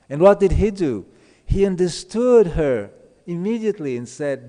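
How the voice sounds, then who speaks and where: A man's voice: high voice, lively intonation, moderate pace, dark tone. Man giving a sermon in a reverberant hall. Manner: storytelling, acts out quoted dialogue. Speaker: speaker giving a scripture class.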